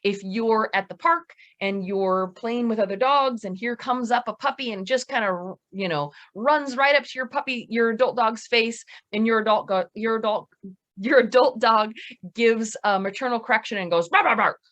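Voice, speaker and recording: Lively woman giving a dog-training lecture. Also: on the high side, dull audio. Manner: lively, emphatic, talks fast at times. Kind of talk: seminar lecture.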